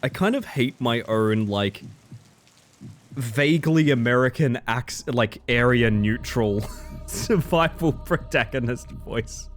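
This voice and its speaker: An Australian man streaming a horror game, chatting with viewers in a playful, rambling, self-mocking way that swings between goofy and deadpan. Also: mid-range voice, unhurried, soft background music. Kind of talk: casual live-stream commentary.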